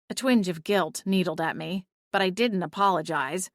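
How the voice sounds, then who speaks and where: A woman narrating a story in the first person, expressive and lively, reading from a script. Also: fairly low pitch, normal speed, no echo, clean studio sound. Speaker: audiobook narrator.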